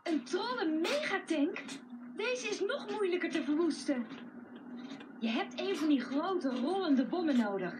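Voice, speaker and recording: A woman's voice: very high voice, lively intonation, unhurried, noisy background. A woman voicing an upbeat young female guide in a dubbed video game, chirpy and teasing. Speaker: in-game character.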